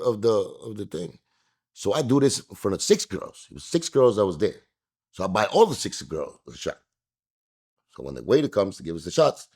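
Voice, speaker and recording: A husky, fairly low-voiced man tells a story in a sit-down interview. His pitch swings widely as he acts out the voices of the people in it, jumping high and loud for the quotes. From New York. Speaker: interview guest. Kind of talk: animated storytelling.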